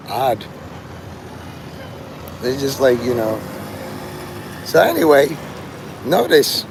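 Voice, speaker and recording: A livestreamer wanders through profane, free-associating talk with his chat from a city street, speaking very slowly with long pauses. His mid-range voice is expressive yet gravelly and strained, which he claims is normal for him, and the background is noisy.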